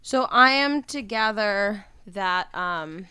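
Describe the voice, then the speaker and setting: Chatty woman player, smooth clear voice. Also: medium pitch, lively intonation, slow, bright, forceful tone, dry recording, studio quality. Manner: giggly, chatty. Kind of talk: tabletop game play.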